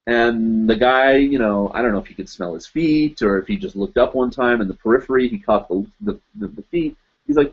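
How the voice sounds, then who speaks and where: A man's voice: medium pitch, animated, fairly quick. A man hosting a live chat show, telling a long story casually and filling it with "you know" and "like". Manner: rambling, loaded with "you know" and "like". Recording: dull lo-fi livestream audio.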